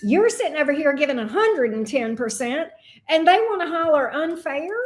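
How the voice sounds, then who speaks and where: A woman's voice: high voice, animated, moderate pace. A middle-aged woman giving a casual tarot reading, blunt and profane, full of folksy sayings. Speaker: tarot reader. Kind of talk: casual astrology reading chat.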